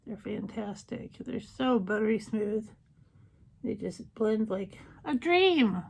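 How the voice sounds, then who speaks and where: A woman's voice: mid-range voice, lively intonation, takes it slowly, creaky, darkish tone, slightly rough. A woman makeup vlogger chatting casually through a tutorial, gushing about colors and tossing in jokey asides.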